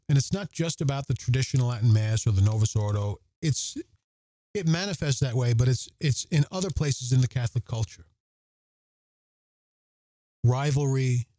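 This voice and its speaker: Earnest man with a mellow voice. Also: mid-range voice, no room sound. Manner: earnest, emphatic, repeats phrases for emphasis; reads scripture aloud and comments on it. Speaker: podcast host. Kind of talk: reflective Catholic podcast commentary.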